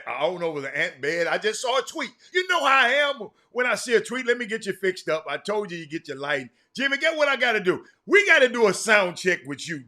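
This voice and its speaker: A man hosting a casual livestream sports talk show, animated and laughing, often repeating names and restarting his sentences. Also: high voice. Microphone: streaming mic.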